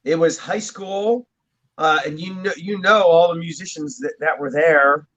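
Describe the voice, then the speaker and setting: A man's voice: a little high, a little slow, a bit bright. A man from New Jersey, a drummer guest, telling stories in a casual, rambling way and chuckling often. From New Jersey, USA. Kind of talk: casual interview chat. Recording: dull, muffled lo-fi sound.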